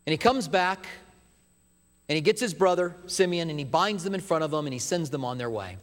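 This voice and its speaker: Brief: male pastor, high voice, animated sermon, echoing church sanctuary. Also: fairly quick. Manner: animated storyteller, drops to hushed emphasis. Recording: long hall reverb.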